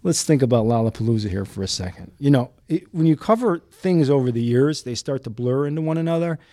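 Animated man telling a story. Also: mid-range voice, a little fast, no echo, studio quality. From Chicago South Side. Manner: animated, emphatic, indignant storyteller. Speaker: guest, TV news cameraman. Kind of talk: storytelling anecdote in an interview.

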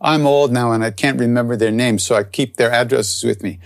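A man's voice: medium pitch, a little fast, vocal fry, no room sound, natural voice. A man voicing an old male holy man who teases his devotees. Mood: teasing. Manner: teasing, then tearful.

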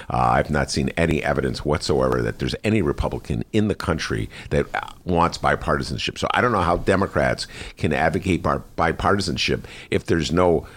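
Very deep, husky male interviewer. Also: no room sound. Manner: rambling, many "uh" fillers and restarts. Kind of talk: political interview.

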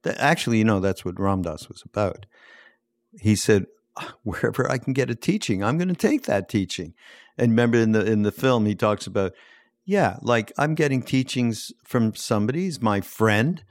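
A man's voice: on the low side, lively intonation, moderate pace, no room sound. A man hosting a podcast in casual interview chat, laid-back and playful, laughing often. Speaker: podcast host.

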